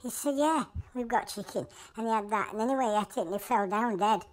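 A chirpy little creature with a Yorkshire accent rattles through a long shaggy-dog joke in a squeaky, high voice, as a woman acts it out. The delivery is rambling and matter-of-fact, like a cartoon animal doing stand-up. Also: fast, close to an everyday voice. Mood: chatty. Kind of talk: comic animal voice-over.

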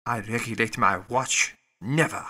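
A man's voice: mid-range voice, a little slow, bright, forceful tone, slightly rough, voice pushed down, full character voice. A man reading as a chatty French valet. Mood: proud. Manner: talkative, fussy. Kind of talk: audiobook character reading.

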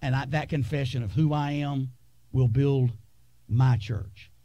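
A man preaching a sermon in a church, with a drawl, dramatic pauses and sudden drops to a hush. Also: mid-range voice, fairly even intonation, dry recording, dull audio. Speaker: pastor. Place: church sanctuary.

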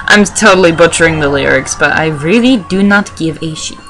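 A young woman with a lowish voice chatting over a video game as she plays. She rambles from topic to topic, talks to herself and swears freely. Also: brisk, hardly any pauses, fairly bright tone, faint music behind. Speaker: let's play host. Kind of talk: casual gameplay commentary.

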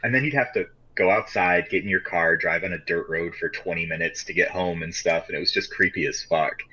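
Casting: low-voiced man from Michigan, bright forceful tone, rambling swearing podcast storyteller. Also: fairly quick, husky. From Michigan, USA. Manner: rambling storyteller with many fillers, swears freely. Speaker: podcast co-host. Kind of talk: casual chat. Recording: dull lo-fi podcast audio.

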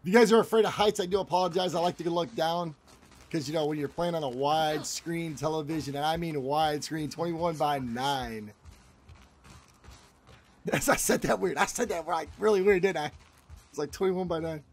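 A man's voice: a little high, fast, breathy edge. A man giving casual let's-play commentary as a gaming channel host, rambling, repeating himself and swearing freely.

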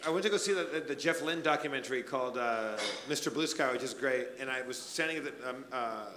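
A man's voice: medium pitch, fast, background noise. A man co-hosting a comedy podcast live on stage, telling a chatty anecdote full of casual swearing. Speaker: podcast co-host. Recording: roomy live venue sound.

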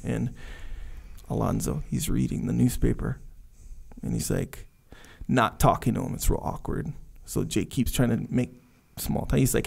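A man's voice: mid-range voice, normal speed, creaky. A man co-hosting a podcast, casually retelling movie scenes and acting out the characters' lines. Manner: animated storyteller, acts out movie lines. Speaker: co-host. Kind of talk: casual chat.

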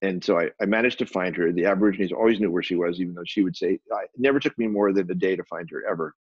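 Low husky man telling stories. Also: very fast, dry recording. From United States. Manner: rambling, acts out quoted dialogue. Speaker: guest photographer and publisher. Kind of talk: candid interview storytelling. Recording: dull lo-fi dry recording.

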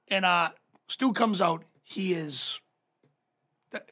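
Guy, kinda husky voice, laid back, swears a lot on a podcast. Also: high voice, fairly even intonation, slow, long pauses, pushed and bright. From Boston. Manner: laid-back, profane storytelling. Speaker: podcast co-host. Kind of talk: casual chat.

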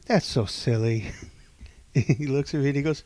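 A man on a podcast telling a long story casually, acting out the people in it and swinging between loud and hushed delivery. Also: medium pitch, moderate pace, dry recording. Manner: animated, acts out quoted dialogue, swings between loud and hushed. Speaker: podcast co-host.

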